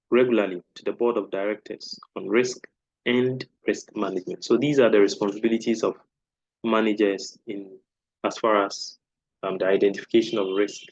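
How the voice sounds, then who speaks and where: A man lecturing on a course topic in an explanatory way, often checking in with a quick "okay?". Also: fairly low pitch, darkish tone, no room sound, highs cut off. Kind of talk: recorded lecture.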